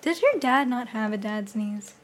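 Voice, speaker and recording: A young woman with a high-pitched voice chats casually as a podcast co-host. She tells goofy anecdotes in an animated way. The recording has a slight echo from the small room. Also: normal speed, a crowd in the background. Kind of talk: casual chat.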